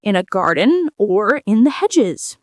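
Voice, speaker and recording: A woman's voice: mid-range voice, big pitch swings, measured pace, darkish tone. A woman doing a nervous, muddled White Queen. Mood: fretful. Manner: nervous, rambling, wandering. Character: anxious, muddled, dreamy queen.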